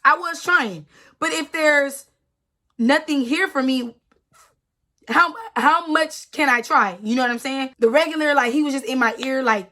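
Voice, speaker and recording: A woman's voice: sits high, normal speed, sharp tone. A young woman in her twenties telling a personal story in a casual vlog, emphatic and repeating herself with lots of "like". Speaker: storytime vlogger.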